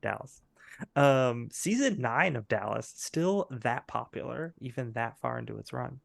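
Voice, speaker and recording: A man's voice: medium pitch, animated, unhurried, creaky, no room sound. A man narrating a tabletop game as game master, rambling and hesitant with many fillers.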